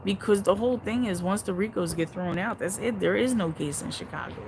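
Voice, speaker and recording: A woman's voice: mid-range voice, brisk, noisy background. A woman hosting a casual live stream, chatting bluntly and profanely with her viewers and laughing often. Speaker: livestream host reading viewer comments.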